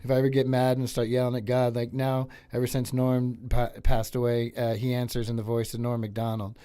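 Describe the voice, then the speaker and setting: Male podcast host, rambling casual chat, lots of fillers, mid-pitched voice, studio. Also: monotone, a little fast, warm tone, clean tone, dry recording.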